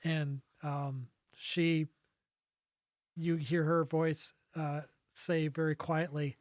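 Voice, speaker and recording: GM, man, fairly high voice, dry close sound, muses aloud while describing scenes. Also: little pitch movement, no echo. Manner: thinking aloud with pauses and restarts. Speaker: game master. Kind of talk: describing scenes in a tabletop game.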